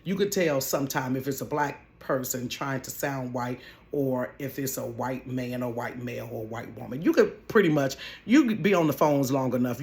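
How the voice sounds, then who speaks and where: A woman telling a casual storytime about her old job at home, chatty and animated, calling listeners honey. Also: a bass voice. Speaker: vlogger telling a work story.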